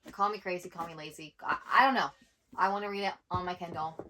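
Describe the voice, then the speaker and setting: A woman with a slightly low voice chatting casually about books she got as gifts. She rambles and wanders off on tangents, dropping "like" everywhere in an easy, talkative flow. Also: fairly even intonation, fast talker, bright, forceful tone, slight background noise. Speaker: co-host of a twin sisters' book channel. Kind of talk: casual book haul chat.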